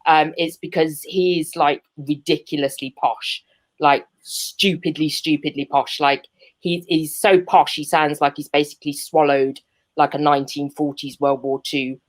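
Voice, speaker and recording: A woman's voice: sits low, steady tone, measured pace. A young woman from Birmingham with a Birmingham accent doing a chatty, rambling stand-up set over a video call from her home, full of ums and self-mocking laughs. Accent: Birmingham English. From Birmingham, England. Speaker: stand-up comedian. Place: seated at home.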